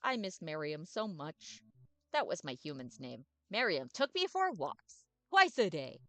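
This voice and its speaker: A woman voicing a cheerful, eager male dog ghost who talks loudly and excitably. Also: low-pitched, unhurried, no echo, full character voice. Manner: loud, bouncy and excitable.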